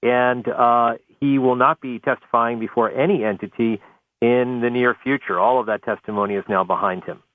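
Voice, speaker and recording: News correspondent guy phoning in, measured, lots of uhs, tinny dry line. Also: medium pitch, steady tone, no echo. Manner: measured, thorough, with frequent uhs. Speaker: White House correspondent. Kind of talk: live news report by phone on talk radio. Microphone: telephone. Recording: phone line.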